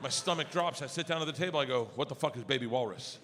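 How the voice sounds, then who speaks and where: A middle-aged man doing a stand-up comedy set, telling stories loudly and acting out quoted lines in shifting voices. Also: mid-range voice, fast talker. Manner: loud storytelling, acts out quotes in shifting voices. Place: comedy stage before a laughing audience. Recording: live stage mic with audience noise.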